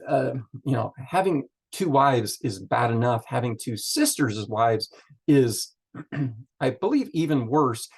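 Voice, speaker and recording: Gravelly, husky man teaching Bible study. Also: mid-range voice, a little mellow. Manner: chatty, many fillers, thinks aloud.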